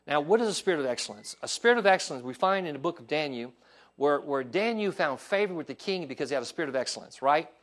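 Pastor, male, high-pitched, lively pulpit delivery, asks congregation for responses. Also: fast. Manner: animated preaching with call-and-response asides. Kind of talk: sermon. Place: church sanctuary.

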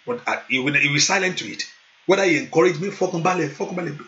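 A male pastor preaching a sermon, moving into loud fervent prayer and speaking in tongues. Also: on the high side, lively intonation, fast talker. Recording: dull lo-fi sound.

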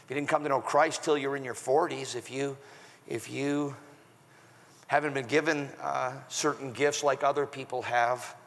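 A male pastor preaching an animated sermon, acting out the scripture with raised shouts. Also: medium pitch, moderate pace. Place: large church hall with long reverb. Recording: live sermon in reverberant church hall.

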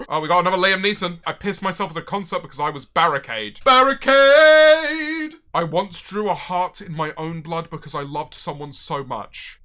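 A man hosting a livestream, reading viewer confessions aloud in a loud, profane and excitable way. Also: sits high. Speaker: streamer host.

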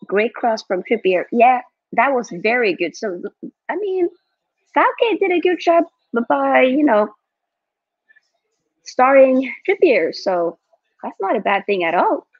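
A young woman hosting a live football watchalong from home, excitable and reading out viewer chat. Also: sits high, slow pace, no echo. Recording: dull lo-fi dry mic.

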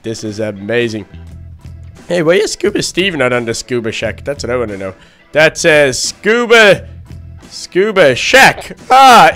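A childlike, easily flustered baby duck, voiced by a man talks himself through a Minecraft role-play, full of "oh, gosh" exclamations. The voice sits a touch high, bright and very clean. Faint music plays underneath. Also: clear, resonant tone. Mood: self-encouraging. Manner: rambling self-talk full of "oh, gosh" exclamations. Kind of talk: game role-play narration.

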